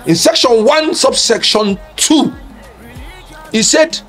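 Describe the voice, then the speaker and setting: A man's voice: extremely high pitch, expressive, slow, fairly bright tone, soft background music. A man giving an emphatic, argumentative talk on the law, asking rhetorical questions as he lectures. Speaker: legal commentator. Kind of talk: public speech on law.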